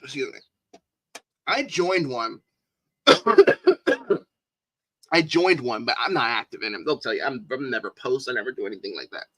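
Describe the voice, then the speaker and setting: Incredulous streamer host with a bright, close, dry voice and frequent laughs. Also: mid-range voice, normal speed, long pauses, slightly rough, dry recording, poor audio. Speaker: livestreamer. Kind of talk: livestream reaction commentary.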